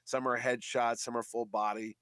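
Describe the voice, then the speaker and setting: A man who organizes a comic convention, chatting casually in a radio interview and telling animated stories. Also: medium pitch, normal speed, dry recording. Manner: chatty storyteller, animated quoting of others.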